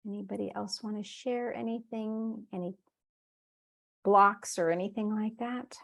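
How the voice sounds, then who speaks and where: Her voice is mid-range and steady, with some vocal fry, and she never rushes. This woman hosts a spiritual workshop streamed live online, sharing stories in a friendly, talkative manner, laughing a lot and dramatizing her inner voice through quoted asides.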